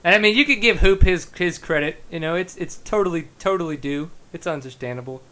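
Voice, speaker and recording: A man's voice: fairly high pitch, fairly quick, pushed and bright. A man hosting a casual podcast interview, joking and enthusiastic. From United States. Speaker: podcast host.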